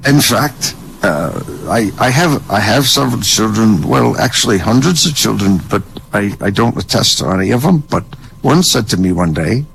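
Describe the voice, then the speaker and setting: A gravelly older man tells stand-up jokes in a wry, dry manner, his pitch rising and falling with each punchline. There is a faint noise under his voice. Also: animated, moderate pace, fairly bright tone, low-quality recording. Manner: wry, dry joke delivery. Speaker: comedian. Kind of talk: stand-up joke telling. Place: online voice chat room.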